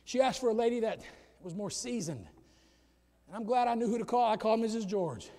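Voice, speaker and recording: A middle-aged man preaching a sermon as pastor of his church, swinging from quiet asides to shouted climaxes. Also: high voice, fairly quick. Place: church sanctuary. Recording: long church hall reverb.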